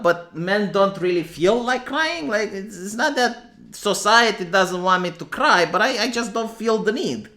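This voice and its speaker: A man's voice: high-pitched, bright, forceful tone. A man with a Romanian accent giving opinionated, sarcastic livestream commentary, often restarting his sentences. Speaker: streamer.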